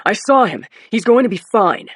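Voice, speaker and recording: A woman voicing a calm male detective who speaks firmly and persistently. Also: mid-range voice, slightly rough, no room sound, clean studio sound, voice pushed up. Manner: firm, measured, persistent.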